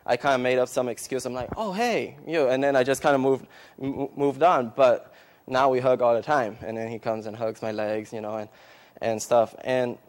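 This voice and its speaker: This man is a missionary addressing a church service; his emotional testimony leads into the start of a sermon, delivered haltingly with frequent fillers and restarts. His pitch is medium and barely moves.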